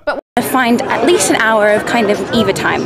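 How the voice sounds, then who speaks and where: Brief: a high-voiced young stage performer, teasing, loose backstage vlog tone. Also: female voice, moderate pace, crowd noise. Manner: playful, self-mocking.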